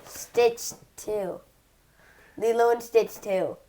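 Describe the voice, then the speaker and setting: A young person on a casual family podcast, playfully rattling off trivia answers. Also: female voice, on the high side, drawn-out words, warm tone, poor audio. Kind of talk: casual chat.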